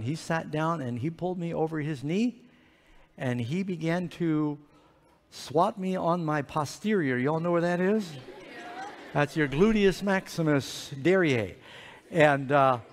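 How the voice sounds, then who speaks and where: A man telling an animated, playful story sermon to children in a large church hall. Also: on the high side, measured pace. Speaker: preacher. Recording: reverberant hall.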